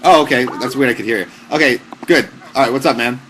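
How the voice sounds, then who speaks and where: Young male livestream host, mid-range voice, deadpan comic advice, rambling fillers. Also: medium pitch, fast, a little hiss or hum. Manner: mock-serious, deadpan joking advice with frequent fillers. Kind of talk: casual comic livestream chat.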